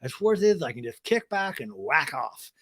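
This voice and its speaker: Guy putting on a squeaky defensive dude-bro, whiny and loud, keeps saying dude. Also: big pitch swings, unhurried, breathy edge, heavily acted. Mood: exasperated. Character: exasperated defensive young man, whiny, dude-speak.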